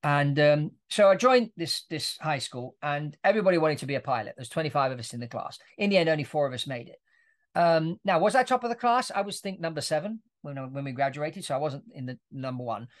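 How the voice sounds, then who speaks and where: Fast-talking man telling stories. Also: a little high, expressive. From Italy. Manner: chatty storyteller, laughs often. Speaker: podcast host. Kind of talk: casual interview chat.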